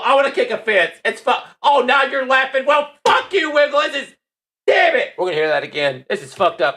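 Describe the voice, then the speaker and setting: A man hosting a live-stream podcast, loud and exasperated, swearing and swinging between shouts and low mutters. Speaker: livestream podcast host.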